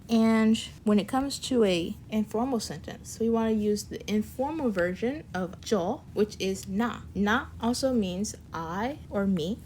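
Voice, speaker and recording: A woman teaching a casual online language lesson. She explains step by step, checks in with "right?", and switches between quick sample sentences and slow explanation. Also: medium pitch, a little mellow, slight background noise.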